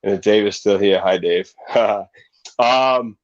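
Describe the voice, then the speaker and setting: A man's voice: on the low side, slow. A man in his forties, a snake breeder being interviewed, telling stories with energy and acting out the other people's lines. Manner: animated storytelling, acts out quoted voices. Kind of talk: casual livestream interview. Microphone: video call. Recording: muffled lo-fi stream audio.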